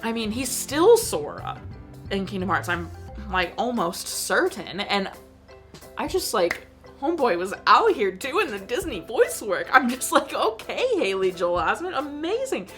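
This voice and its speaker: A young woman hosting a film review channel, chatting casually and excitedly, with lots of fillers. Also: on the high side, a little slow, faint music behind. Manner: animated, gushing, filler-heavy with frequent "like". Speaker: host reviewing films. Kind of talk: casual chat.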